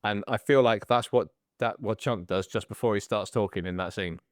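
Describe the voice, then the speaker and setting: A man hosting a podcast in casual, joking chat, relaxed and swearing freely. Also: on the low side, normal speed, dry recording, clean studio sound. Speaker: podcast host.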